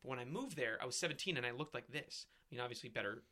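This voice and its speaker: A young man in casual chat, animated, joking and swearing freely. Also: mid-range voice, racing. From United States.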